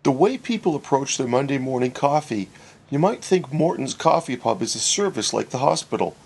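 A man reading a humorous story aloud, wry and expressive. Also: medium pitch, moderate pace, creaky, breathy edge. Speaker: narrator. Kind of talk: storybook narration.

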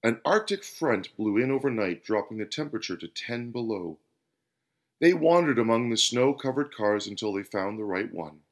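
A man hosting and narrating a scripted parable with an expressive reading. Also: medium pitch, normal speed. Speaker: host and storyteller. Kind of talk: scripted storytelling.

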